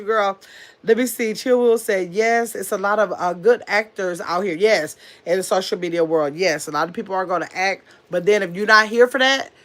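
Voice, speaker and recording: A woman's voice: mid-range voice, fairly bright tone. Woman livestream host, casual, rambling, reads chat aloud into a phone. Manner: chatty, reads comments aloud and answers them, rambling with many fillers; says she talks fast.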